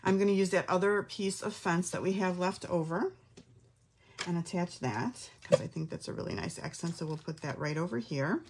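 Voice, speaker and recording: A woman's voice: on the low side, normal speed, background noise. A middle-aged woman hosting a casual craft tutorial from her home craft room, chatting and thinking aloud as she works. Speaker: craft class host.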